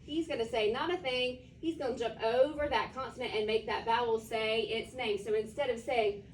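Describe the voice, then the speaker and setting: A woman teacher leads a phonics lesson with call-and-response questions, stretching sounds out slowly as she models them. Her fairly high voice comes from across an echoey classroom, heard from some distance. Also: steady tone, slight background noise. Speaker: first grade teacher.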